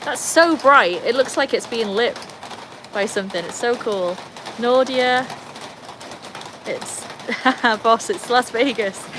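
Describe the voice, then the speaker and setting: A woman's voice: a little high, slow pace, background noise. A woman with a British accent hosting a casual livestream from a covered veranda in the rain. She chats with viewers, reads out their comments and coaxes her dogs along. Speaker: livestream host. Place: covered tin-roofed veranda during rain.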